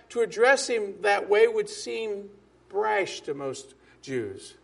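A man preaching a sermon as a pastor, emphatic, with drops to soft asides. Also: high voice, vocal fry, husky.

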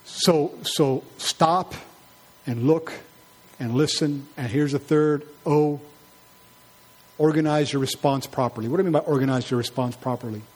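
A man preaching a sermon in an animated, conversational way, acting out quarrels in high mocking voices. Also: normal speed, breathy edge.

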